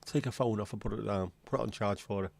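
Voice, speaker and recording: A man putting on an Irish accent to play a hushed Irish man quietly tucking someone into bed. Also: on the low side, fast, gravelly. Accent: put-on Irish. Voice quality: hushed, soft-spoken.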